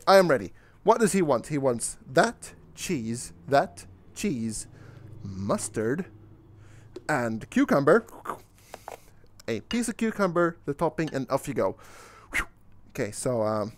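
A young man giving casual let's-play commentary, excitable, swearing casually and talking to himself while he plays. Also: medium pitch, unhurried, pauses often. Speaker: gaming YouTuber.

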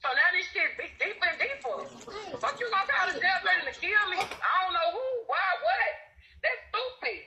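A woman on a phone call over speaker, telling her story fast, with plenty of swearing and laughter. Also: extremely high pitch, sing-song, sharp tone, a little hiss or hum. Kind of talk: casual phone call on a live stream.

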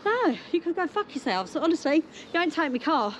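An angry woman, swearing constantly and shouting at people on her driveway outdoors. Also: very animated, a little fast, slight background noise. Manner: furious, swearing constantly, shrill outbursts. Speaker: prank victim. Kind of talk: heated shouting argument.

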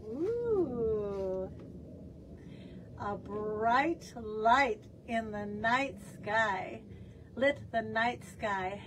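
A woman reading a picture book aloud for young children, expressive and asking them questions. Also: a little high, far from the mic, a little hiss or hum. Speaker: children's storyteller. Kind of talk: storytime read-aloud.

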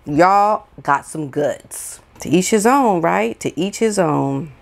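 A woman's voice: fairly low pitch, expressive, takes it slowly, vocal fry. A woman giving an indignant, incredulous opinion commentary monologue full of rhetorical questions. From United States. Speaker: vlogger, commentator.

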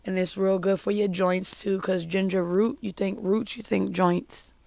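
A woman with a cold and a hoarse voice, chatting casually on a live stream and giving homespun advice. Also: mid-range voice, steady tone, measured pace, a little mellow, dry recording.

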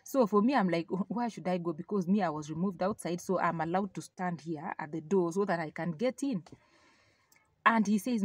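A woman with a Kenyan accent giving a personal faith testimony, telling her story in an animated way and slipping Swahili phrases into her English. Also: on the low side, fairly quick, no room sound.

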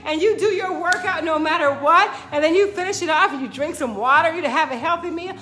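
A woman's voice: very high-pitched, brisk, hardly any pauses, sharp tone. A woman fitness instructor giving an upbeat, emphatic motivational talk on a live stream. She greets viewers by name, repeats her key phrases and keeps asking "right?".

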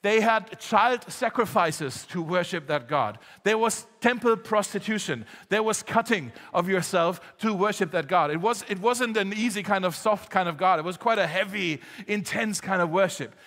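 A man preaching a sermon to a congregation, lively and joking, getting the crowd to join in. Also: high-pitched, long reverb tail. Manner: lively, jokey, talks straight to the congregation. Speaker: pastor. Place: church hall.

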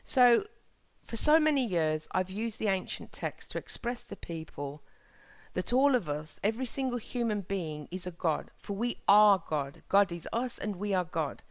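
A woman hosting her own channel, giving a sincere, measured spiritual talk and reading scripture passages with soft emphasis. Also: mid-range voice, expressive, dry recording.

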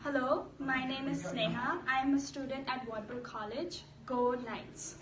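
Woman student, high voice, casual, echoey, distant. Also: fairly even intonation, a little slow, background noise. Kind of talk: casual self-introduction. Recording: roomy, distant mic, faint music.

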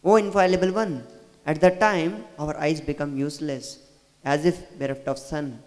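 A man reads a passage aloud to a class in a steady, formal voice pitched a little above average. The sound has a long hall reverb. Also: normal speed. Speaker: student reading translation. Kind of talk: reading aloud.

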